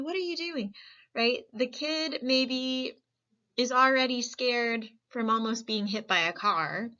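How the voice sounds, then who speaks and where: A woman giving a calm, coaxing life skills lesson. She asks the listener many reflective questions and often says "um". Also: mid-range voice, dull audio. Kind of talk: gentle reflective lesson talk.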